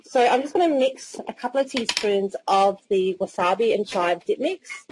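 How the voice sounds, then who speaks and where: A woman's voice: mid-range voice, lively intonation, moderate pace, background noise. A woman with an Australian accent explaining a recipe step by step in a plain, casual way. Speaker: cooking demonstrator. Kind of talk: casual cooking demonstration. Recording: clear kitchen clatter in background.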